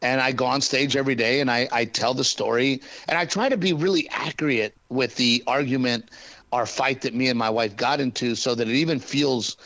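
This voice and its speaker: A male comedian chatting as a guest in an interview, telling stories with lively acted-out quotes. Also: medium pitch, fairly quick, no room sound, low-quality recording. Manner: animated storyteller, acts out arguments. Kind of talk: casual interview chat.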